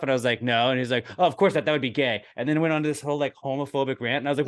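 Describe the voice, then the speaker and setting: A man's voice: medium pitch, rapid-fire, few pauses, fairly bright tone. A man co-hosting a podcast, telling a long story in casual chat, rambling with restarts and swearing as he acts out what others said. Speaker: podcast co-host.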